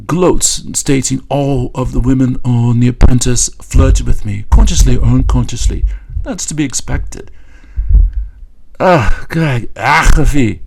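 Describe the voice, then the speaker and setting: Scornful man, gravelly voice. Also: medium pitch, takes it slowly, a little mellow, slight background noise. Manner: scornful, stop-start delivery with many fillers. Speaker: political commentator. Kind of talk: mocking satirical commentary.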